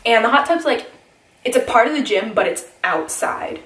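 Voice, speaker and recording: A woman's voice: on the high side, moderate pace. Giggly young woman telling a story in an echoey room. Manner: giggly, animated retelling with quoted voices. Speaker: vlogger. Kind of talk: casual storytelling chat. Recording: echoey room, mic at a distance.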